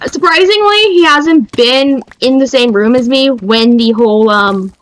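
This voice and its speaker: A young woman streamer chatting casually in an excitable, rambling way. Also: a little high, a little slow, rough recording.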